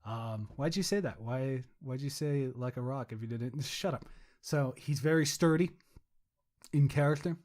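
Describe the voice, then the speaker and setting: A man's voice: mid-range voice, moderate pace, a little mellow. A young adult man co-hosting a podcast, rambling casually, swearing and mocking himself. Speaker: podcast co-host.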